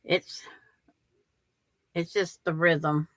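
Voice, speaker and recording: A woman's voice: sits low, fairly even intonation, very slow, fairly bright tone, dry recording. An older woman hosting a quilting livestream, chatting casually and rambling with viewers, often restarting her sentences.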